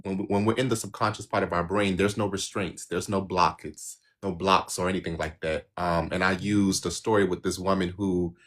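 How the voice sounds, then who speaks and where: A man with a lowish voice chats casually on a live stream, co-hosting a spiritual reading session. He sounds agreeable and reflective, wandering through his thoughts with small restarts. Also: fairly even intonation, moderate pace, few pauses.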